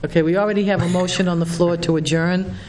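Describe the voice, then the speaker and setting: A man runs a town board meeting in a somewhat high voice, pausing and restarting often. The recording carries a faint layer of background noise. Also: steady tone, a little mellow. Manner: hesitant, many fillers and restarts. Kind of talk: meeting discussion.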